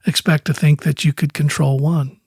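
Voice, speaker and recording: A man's voice: a little high, little pitch movement, moderate pace, gravelly, a little mellow, slightly rough, no room sound, studio quality. A man in his sixties, a country singer as interview guest, telling long rambling anecdotes full of quoted dialogue and easy chuckles. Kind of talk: casual storytelling in an interview.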